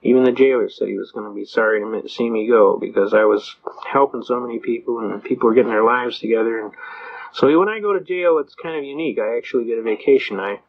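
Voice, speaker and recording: A man's voice: medium pitch, quick pace, slight background noise. An older man giving a folksy, anecdotal lecture to a live audience, telling stories and acting out dialogue. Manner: folksy storyteller, acts out dialogue in quotes. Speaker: seminar speaker on constitutional rights. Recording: dull lo-fi recording.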